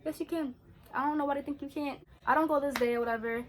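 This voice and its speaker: A young woman, chatting in an animated, slangy way as she tells a story during her skincare routine. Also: sits high, quick pace. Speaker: beauty vlogger.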